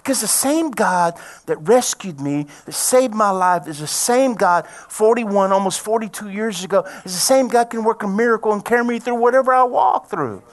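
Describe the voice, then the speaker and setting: Emphatic older pastor preaching. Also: male voice, sits high, moderate pace, few pauses. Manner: emphatic, swings from hushed near-whispers to loud cries. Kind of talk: sermon with personal testimony.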